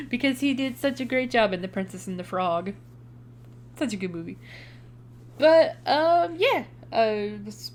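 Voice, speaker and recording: A young woman co-hosting a podcast, chatting casually about a movie, swearing now and then and laughing often. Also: medium pitch. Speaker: podcast co-host. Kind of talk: casual chat recapping a movie.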